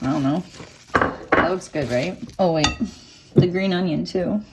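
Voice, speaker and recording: A woman's voice: on the low side, unhurried. Lady chatting while she cooks in her kitchen, giggly, cusses a bit, noisy home video. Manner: chatty, giggly, swears casually. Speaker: cooking vlogger. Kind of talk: casual cooking chat.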